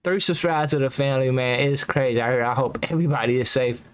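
A man's voice: medium pitch, fast, a little hiss or hum. A young man giving rambling, slangy reaction commentary as a YouTuber, laughing nervously between remarks.

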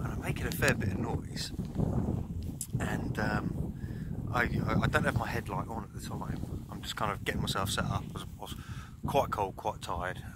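A man's voice: on the low side, very noisy. Chatty man vlogging outdoors. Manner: chatty, storytelling, frequent fillers. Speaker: motorcycle camping vlogger. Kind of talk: casual vlog to camera. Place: outdoors at a moorland campsite in winter.

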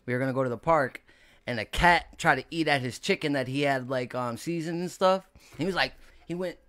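A man's voice: fairly high pitch, fairly quick, a bit bright. A man hosting a casual podcast, talking in slang, laughing often and slipping into impressions. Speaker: podcast host. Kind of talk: casual chat.

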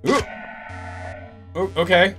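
A man's voice: sits high, slow pace, over music. A man giving casual let's-play commentary, joking and sarcastic, with swearing and sudden yelps. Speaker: gaming channel host.

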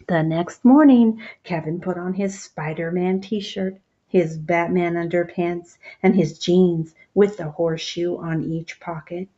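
Slow, expressive woman reading a picture book. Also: on the low side, lo-fi sound. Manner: expressive, asks children questions. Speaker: reader of a children's book.

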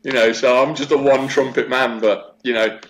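A man's voice: medium pitch, steady tone, normal speed, poor audio. Candid man in his thirties, podcast guest. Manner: candid and heartfelt, drifting between jokes and quiet reflection. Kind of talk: casual podcast conversation.

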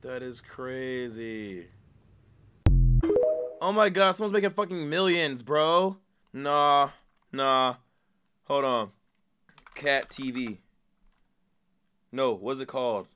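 Man, reaction host, casual, profane, slangy, rambling, mid-pitched. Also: slow pace, long pauses, bright, forceful tone, smooth, faint music behind.

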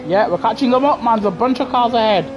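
A man giving live commentary over his racing game through a gaming headset, muttering to himself and breaking into excited shouts. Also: very high voice, fast talker, dull audio, background noise. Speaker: gaming streamer. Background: game music and car engine sounds.

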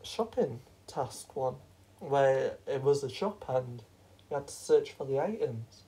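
A fan performer voicing a shy, polite evicted woman housemate in a fan-made reality show, talking softly and hesitantly. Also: medium pitch, animated, slow pace, poor audio.

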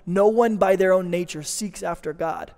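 A man delivers a sermon from the pulpit in a high voice. He presses hard on his declarations, then falls to near-whispers. His voice rings out through a church hall with a long reverb. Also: normal speed. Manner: emphatic, shifts between loud declarations and hushed lines. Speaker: pastor. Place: church sanctuary.

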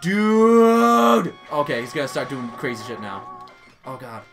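A man's voice: mid-range voice, fairly quick, fairly bright tone. A young man co-hosting a gaming video, laughing and teasing as he cheers on the player. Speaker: passenger co-host of gaming show. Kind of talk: casual gaming commentary. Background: video game music.

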